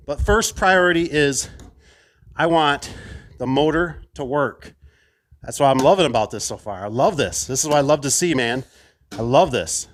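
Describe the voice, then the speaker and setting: A man's voice: on the high side, fairly bright tone. A man who installs garage doors, chatting casually to viewers while unboxing an opener, enthusiastic and prone to rambling asides.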